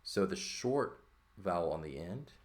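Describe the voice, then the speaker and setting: Very deep-voiced man teaching. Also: very animated, unhurried. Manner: explanatory, checks in with "right?" often. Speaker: Greek teacher. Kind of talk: explaining at a board.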